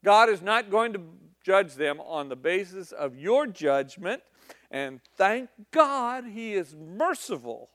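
A male preacher delivering a sermon in an emphatic, conversational storytelling style. His voice sits high and his pace is slow and deliberate. The sound is close and dry. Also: big pitch swings, a bit bright, no echo.

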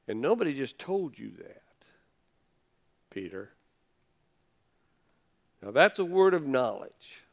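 Man teaching a sermon, fairly high voice. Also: fairly bright tone, smooth. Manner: conversational, paraphrases scripture in casual speech. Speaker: preacher.

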